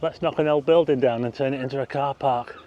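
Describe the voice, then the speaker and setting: A man's voice: medium pitch, fairly even intonation, fast talker, a little hiss or hum. Chatty middle-aged man outdoors. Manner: chatty, meandering, conversational asides to viewer. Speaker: vlogger. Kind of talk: walking tour commentary. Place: outdoors on town streets. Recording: slightly dull outdoor street recording.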